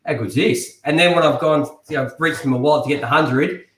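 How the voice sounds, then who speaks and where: A man's voice: on the high side, steady tone, fast talker, fairly bright tone. Casting: Australian male podcast co-host, rambly storyteller, roomy echo. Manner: rambling, storytelling with frequent restarts. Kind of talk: casual podcast chat. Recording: echoey room.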